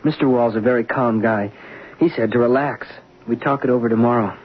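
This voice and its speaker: A man playing a nervous young broker, stammering, husky voice, dull radio sound. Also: mid-range voice, steady tone, a little fast, lightly acted. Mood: anxious. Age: young adult. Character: young male stockbroker, anxious and defensive. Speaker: stockbroker. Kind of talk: 1970s radio drama acting. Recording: dull 1970s radio broadcast.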